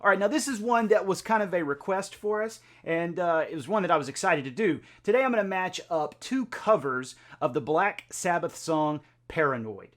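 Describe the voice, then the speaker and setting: A man's voice: sits high, animated, normal speed, hardly any pauses, a bit bright. Chatty man hosting a music reaction. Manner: chatty and conversational with frequent filler words. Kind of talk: casual reaction video talk.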